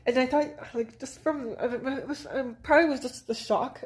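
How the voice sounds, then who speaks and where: A woman's voice: sits high, moderate pace. A woman in her thirties from northern Manitoba tells a personal story casually, rambling with lots of "like" and restarts. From northern Manitoba, Canada. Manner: rambling, heavy use of "like", frequent restarts and nervous laughs. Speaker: vlogger.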